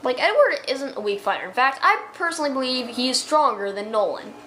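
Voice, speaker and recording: A woman's voice: sits high, lively intonation, brisk, fairly bright tone, faint music behind. A young woman giving casual let's-play commentary, reading game text aloud with chatty asides and fillers.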